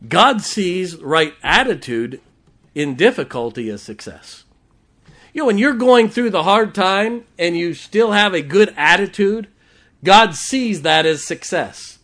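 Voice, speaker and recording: A man's voice: high voice, expressive, measured pace, fairly bright tone. A male pastor, preaching a sermon with rising, emphatic declarations and playful asides.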